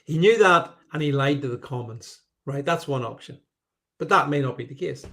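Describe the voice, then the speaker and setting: Man, show host, opinionated political commentary, emphatic, stumbles over repeated words, fairly high voice. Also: moderate pace, vocal fry, sharp tone. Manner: emphatic, repeats words when worked up, reads viewer comments aloud.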